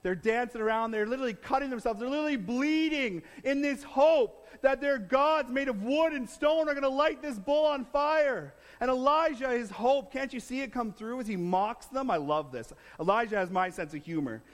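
A man preaching a sermon, retelling a scripture story with dramatic swings between loud excitement and hushed lows. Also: moderate pace. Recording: long hall reverb.

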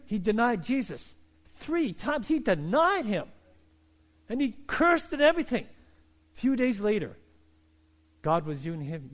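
A middle-aged male pastor preaching a sermon, moving from calm teaching to loud, fervent exhortation. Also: sits high.

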